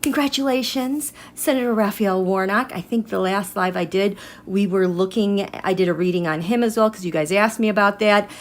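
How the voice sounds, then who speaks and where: A woman's voice: medium pitch, brisk, few pauses. Chatty woman hosting a tarot livestream. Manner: chatty and rambling, greets viewers by name. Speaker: tarot and astrology livestream host. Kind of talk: casual livestream chat.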